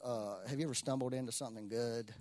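A man preaching a sermon, telling stories with lively swings between loud exclamations and quiet asides. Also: medium pitch, fast talker.

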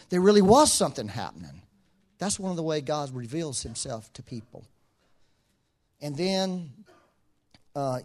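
High-voiced, animated man preaching. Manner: animated, conversational, chuckles often. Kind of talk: sermon.

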